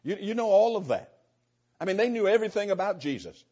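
A middle-aged man teaching through scripture in an easygoing sermon, his voice a little husky and pitched slightly high for a man. He chuckles often and restarts phrases as he thinks aloud. The recording sounds dull and lo-fi. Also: very animated, fast talker, darkish tone. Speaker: preacher. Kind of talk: sermon, verse-by-verse Bible teaching.

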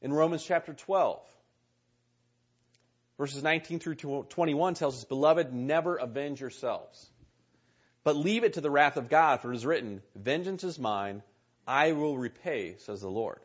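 Man preaching a sermon, earnest, husky voice, muffled lo-fi recording. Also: on the high side, unhurried. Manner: earnest, repeats key words, reads scripture aloud.

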